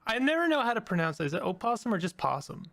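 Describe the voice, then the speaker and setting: A chatty, excitable man walks through a story game, reading its text aloud and laughing between lines. His voice sits a little higher than most men's. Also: rapid-fire, vocal fry, no echo. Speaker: let's play host.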